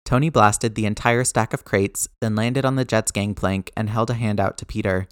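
A man narrates an action-packed story with brisk, steady pacing. His voice sits low and the recording is dry and close. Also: clean tone, no room sound. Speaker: audiobook narrator. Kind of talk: scripted narration.

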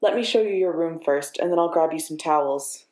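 A woman's voice: deep voice, a little fast, darkish tone, natural voice. A woman voicing Steve, an earnest young man giving a friendly, reassuring tour. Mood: gentle. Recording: echoey room.

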